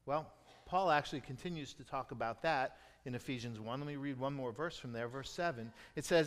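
A man preaching a sermon as a pastor, moving between loud emphatic lines and hushed, near-whispered retellings. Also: mid-range voice, a little fast, hardly any pauses, big-room sound.

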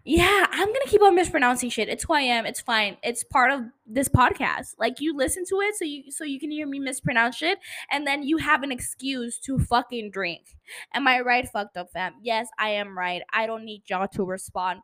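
Tipsy podcast host, a woman with English as her second language, high voice, profane animated rants. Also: normal speed. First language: not English. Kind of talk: casual chat.

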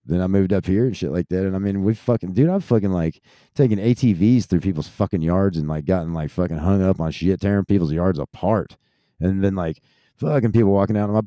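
A man's voice: low voice, lively intonation, fairly quick, warm tone, no echo, clean studio sound. A man in his thirties who grew up in Texas, ranting casually in a rambling, profane stream. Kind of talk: casual rant.

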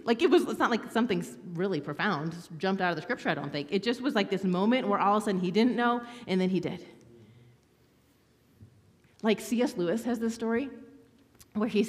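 A woman preaching a sermon from a church stage, telling stories with lively swings between hushed whispers and bright exclaiming. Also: a little high, big-room sound.

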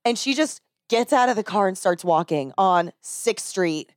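A woman's voice: mid-range voice, normal speed, no echo, clean studio sound. A young woman, a rideshare driver, telling a story in casual chat and acting out the people in it. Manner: animated, acts out quoted voices with laughter.

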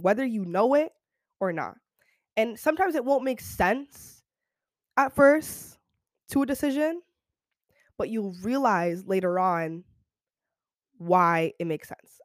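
Young woman host, solo podcast, chatty and slangy, mid pitch, dry close sound. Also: no room sound. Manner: animated, slangy, keeps checking in with "okay?". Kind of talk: casual solo podcast chat.

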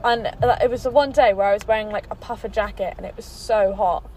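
A woman's voice: mid-range voice, a little fast, a little hiss or hum, poor audio. A young woman with an English accent, chatting and rambling through stories as a podcast host while sitting in a parked car. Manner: chatty and rambling, lively storytelling. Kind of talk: casual chat.

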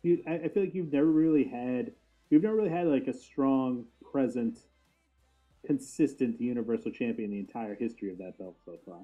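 A man's voice: medium pitch, brisk, faint music behind. A man co-hosting a podcast, chatting casually about wrestling, thinking aloud with fillers and laughing often. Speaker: podcast co-host. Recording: tinny phone-like sound.

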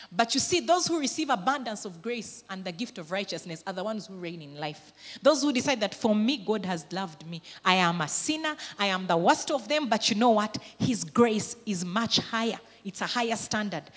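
A woman pastor preaching a sermon, with emphatic swells of intensity that drop back to quieter, conversational stretches. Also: mid-range voice, big-room sound.

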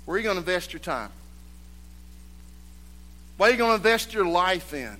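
A man preaching a sermon, moving between loud, emphatic exhortation and hushed, quiet storytelling. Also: on the high side, brisk, long pauses, a little hiss or hum.

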